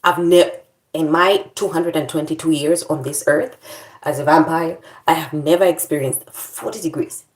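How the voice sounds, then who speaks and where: A woman's voice: low-pitched, normal speed, reverberant. A woman vlogger in casual chat, complaining in a playful, dramatic way.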